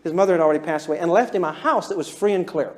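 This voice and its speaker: A man teaching a class, animated and often chuckling as he talks, and quizzing his listeners. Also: a little high, rapid-fire. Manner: animated, chuckles while talking, quizzes the audience. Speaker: instructor. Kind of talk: classroom lecture.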